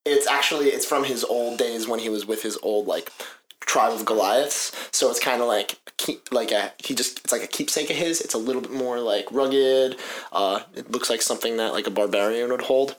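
A man playing a tabletop game, describing his character's moves in a relaxed, rambling way. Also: medium pitch, moderate pace. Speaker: player. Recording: echoey room with faint noise.

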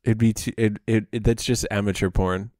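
A young man with a fairly low voice rambles through casual podcast banter, piling up filler words and crude jokes. His voice sounds close and dry, with no room around it. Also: steady tone, fairly quick, a little mellow, no room sound. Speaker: podcast co-host. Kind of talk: casual comedic chat.

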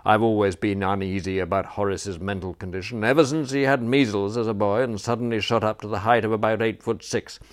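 A man's voice: on the low side, fairly even intonation, fairly quick, hardly any pauses, close to an everyday voice. A man reading an audiobook, voicing a peevish, rambling elderly duke who blusters along. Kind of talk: audiobook character voice.

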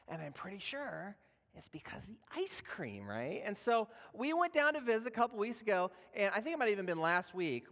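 Pastor, man, 30s, high-pitched, chatty sermon storytelling, hall reverb. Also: a bit bright. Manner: conversational, self-deprecating, with frequent fillers and restarts. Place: church sanctuary. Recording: echoey hall.

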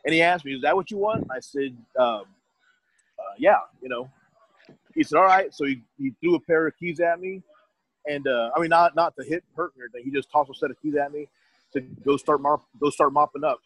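Middle-aged male guest, husky and dry, rambles through a casual anecdote. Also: on the high side, a little fast, fairly bright tone, dry recording, rough recording. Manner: rambling, restarts, quotes others. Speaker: guest telling his story. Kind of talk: casual storytelling.

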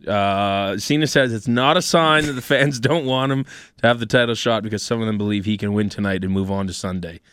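Male podcast co-host, low voice, dry close studio sound, laid-back delivery. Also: a little fast, a bit bright, clear, resonant tone, no echo. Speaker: podcast co-host leading the segment. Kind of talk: casual wrestling talk. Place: small studio.

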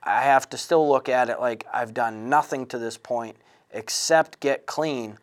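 A man in his thirties telling his own recovery story in an earnest, halting way, with frequent restarts and fillers. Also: mid-range voice. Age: 30s. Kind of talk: candid personal testimony.

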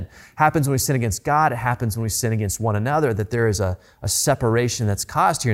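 A man preaching a sermon in a conversational tone, telling the story in a lively way. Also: mid-range voice. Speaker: pastor.

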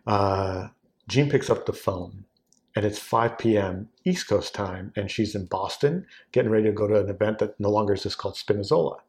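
A man in his forties from Southern California, a wine sales executive, telling an anecdote as a guest and acting out the quoted voices. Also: moderate pace. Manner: animated, acts out quoted voices with big pitch jumps. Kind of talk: casual anecdotal storytelling.

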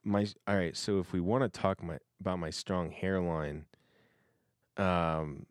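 A man's voice: sits low, fairly even intonation, measured pace, no room sound, studio quality. A man in a casual chat, reading messages aloud in a rambling, self-interrupting way and laughing often. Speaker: host reading messages from coworkers.

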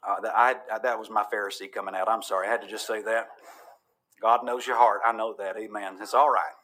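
Fiery preacher with a bright voice. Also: male voice, fairly low pitch, fairly even intonation, fast talker. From Georgia, USA. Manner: fervent, folksy, cracks jokes then thunders. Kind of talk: sermon.

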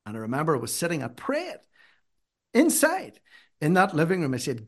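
A middle-aged man, a podcast guest telling stories in an earnest, emphatic way that climbs high when he urges. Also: wildly swooping pitch, moderate pace, slightly rough. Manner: earnest, emphatic, rises sharply when urging. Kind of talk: conversational storytelling.

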